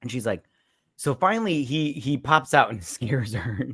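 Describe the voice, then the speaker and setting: A man's voice: mid-range voice, moderate pace, husky, no room sound, clean studio sound. A man hosting a casual drunk movie review podcast, retelling scenes and acting them out. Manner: animated retelling, acts out scenes. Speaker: podcast host.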